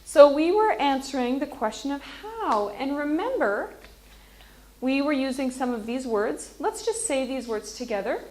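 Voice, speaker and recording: Slow, clear woman teaching in class. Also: high-pitched, lively intonation, a little mellow. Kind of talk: classroom English lesson. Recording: echoey classroom with faint noise.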